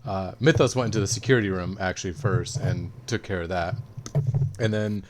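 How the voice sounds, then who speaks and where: A man, a player in a tabletop game, recapping the last session in a rambling, excitable way full of fillers. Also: deep voice, fairly quick, slight background noise.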